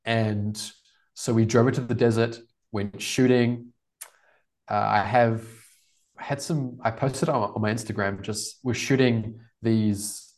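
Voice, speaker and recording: Young man, New Zealand accent, easygoing storyteller, laughs a lot, middling pitch. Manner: relaxed, rambling, laughs often. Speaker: podcast guest. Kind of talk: casual storytelling interview.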